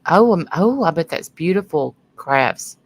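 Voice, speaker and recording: A woman's voice: fairly low pitch, expressive, measured pace. A middle-aged woman hosting a casual livestream, sniffly from her sinuses, rambling as she greets viewers by name between stories. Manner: rambling, chatty, greets viewers mid-sentence. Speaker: livestream host.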